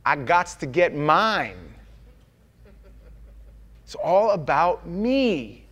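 A man's voice: fairly high pitch, very animated, slow, pauses often, fairly bright tone. A man preaching a sermon in church, earnest and conversational, acting out the voices he quotes.

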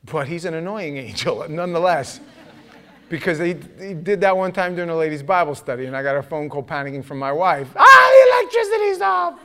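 A middle-aged man preaching a sermon, telling stories with acted-out voices and rising to shouts at the peaks. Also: fairly high pitch, fairly quick. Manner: animated storytelling, acting out voices, shouting at peaks. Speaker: pastor.

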